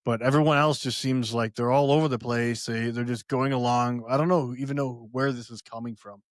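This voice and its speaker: A man's voice: medium pitch, steady tone, brisk, dry recording, studio quality. A man co-hosting a podcast, chatting casually and agreeing emphatically. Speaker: podcast co-host.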